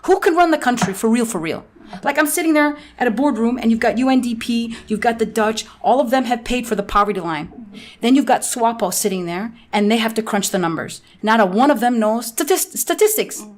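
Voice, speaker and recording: A woman comedian from Palestine, a guest on a podcast, talking bluntly and with animated emphasis. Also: on the high side, brisk. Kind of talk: candid podcast interview.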